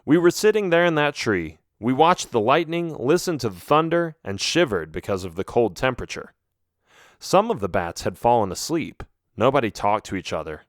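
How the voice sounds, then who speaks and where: Lively, expressive male storyteller. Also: mid-range voice, normal speed, no echo, studio quality. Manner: lively, expressive, first-person. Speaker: audiobook narrator. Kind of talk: storytelling for children.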